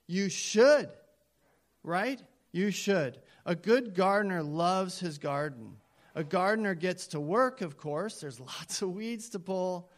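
A male pastor delivers a sermon in a relaxed, conversational way, using a voice that sits a little high for a man. He jokes at his own expense and drives points home by repeating them. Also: slow pace. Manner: conversational, self-deprecating, emphatic repetition.

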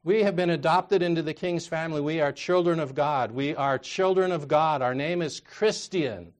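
A man preaching a sermon in a conversational way, reading scripture aloud and moving from quiet asides to loud, emphatic exhortation. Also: a little high, normal speed. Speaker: counselor.

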